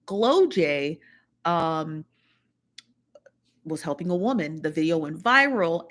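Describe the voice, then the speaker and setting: Woman, livestream host, loose and chatty, mid-pitched voice. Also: fairly bright tone. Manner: chatty, greets viewers one by one, lots of laughs. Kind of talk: casual livestream chat.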